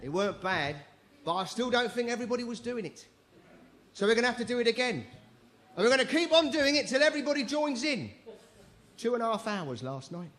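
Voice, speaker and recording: A man's voice: extremely high pitch, lively intonation, fairly quick, background noise. A man compering a live show, bantering with the crowd in a cheeky, bawdy way. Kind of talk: stand-up compering. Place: live venue stage.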